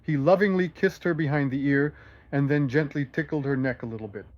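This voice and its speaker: A man hosting a show and telling jokes in a lively, animated way. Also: on the high side, brisk, no echo, muffled recording. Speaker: host and joke teller. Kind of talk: casual joke telling.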